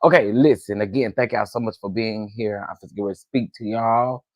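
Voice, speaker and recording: Gravelly man hosting a casual livestream. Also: lowish voice, dry recording. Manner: lively, greets viewers by name, playful drawn-out phrases. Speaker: livestream host.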